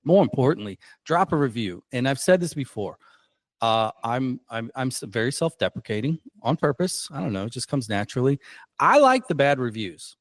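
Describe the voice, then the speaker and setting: A man's voice: mid-range voice, very animated, normal speed, dry recording. Rambling, self-deprecating male podcast host. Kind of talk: casual podcast chat.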